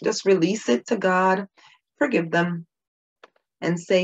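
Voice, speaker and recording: A woman's voice: medium pitch, normal speed, a little mellow, dull audio. A woman giving an earnest personal devotional talk, stressing her points by repeating phrases. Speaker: Christian video host.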